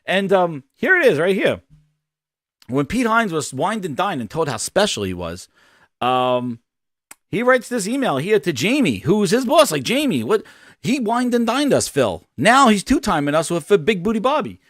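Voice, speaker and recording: A man hosting a gaming podcast, telling a rambling, animated story in casual commentary. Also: sits high, normal speed, dry recording, studio quality. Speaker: podcast host.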